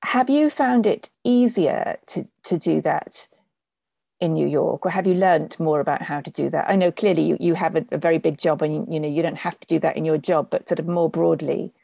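A woman in her fifties asks questions in a low, gravelly voice with a mellow, dark tone. She is thoughtful and often repeats a word as she gets going. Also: normal speed, no room sound. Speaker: interviewer. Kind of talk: conversational interview.

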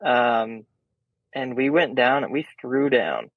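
A young man guesting on a podcast, telling stories in a casual, animated way and swearing freely. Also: medium pitch, slow pace, dry recording. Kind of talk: casual storytelling chat. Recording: dull, slightly muffled sound.

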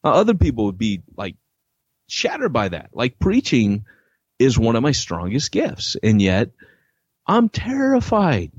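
A man co-hosting a podcast about church planting, chatting casually and telling animated stories, acting out quoted lines. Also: normal speed, breathy edge, no echo. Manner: animated storyteller, acts out quotes with big pitch jumps. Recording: dull lo-fi dry podcast audio.

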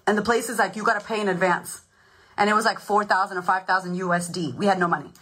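A woman's voice: mid-range voice, steady tone, very fast, fairly bright tone, poor audio. A woman in her thirties, a podcast host and confidence coach, giving a blunt, swearing, emphatic motivational talk in a casual livestream.

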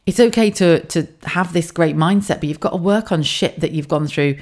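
A low-pitched woman with an English accent talks through a casual solo podcast from her home office. She is chatty and open, drops swear words freely, and often breaks into laughs. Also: moderate pace, darkish tone. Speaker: podcast host.

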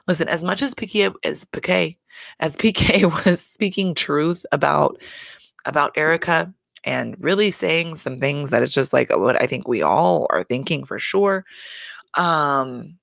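Podcast host ranting about a reality show, gravelly voice, dry close sound, swears a ton, says like constantly. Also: mid-range voice, expressive, a little slow, fairly bright tone, dry recording. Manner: chatty, opinionated, swears a lot, many "like" fillers. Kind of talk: casual reality-TV recap monologue.

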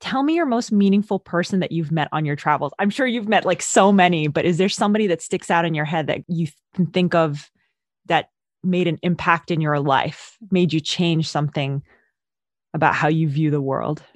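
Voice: medium pitch, normal speed, no room sound. Eager interviewer. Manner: eager, affirming, with many "like"s. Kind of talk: casual chat.

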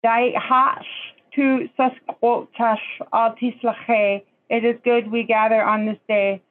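A woman from the Pacific Northwest speaks slowly and deliberately in a slightly high voice, as a guest language student introducing herself. Her manner is formal and ceremonial. The sound comes through a thin, phone-like line. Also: level tone. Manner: measured and ceremonial.

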